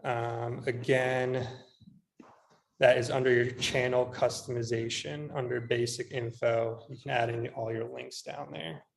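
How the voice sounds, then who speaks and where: A young man, a real estate agent, teaching a class in a casual, relaxed way with plenty of ums while walking through a screen demo. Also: medium pitch, a little slow, vocal fry. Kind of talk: casual instructional talk. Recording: echoey room.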